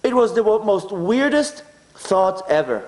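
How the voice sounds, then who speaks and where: A man from Israel shares a personal story as a talk, bringing his inner voice to life in an animated way. He has a high voice and a measured pace, and the audio is reverberant.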